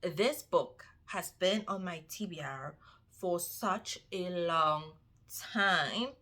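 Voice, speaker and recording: Woman book vlogger talking to camera, slow and drawn out, bright tense voice, says y'all a lot and repeats herself for emphasis. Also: fairly low pitch. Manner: animated, repeats phrases for emphasis, addresses viewers as y'all. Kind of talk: casual chat to camera.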